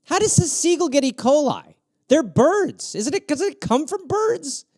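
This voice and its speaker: High-voiced man riffing sarcastically. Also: unhurried, dry recording, studio quality. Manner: animated, sarcastic, jumps between mock voices and asides. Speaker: comedian host riffing on viewer prompts. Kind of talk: solo improvised comedy riff on a livestream.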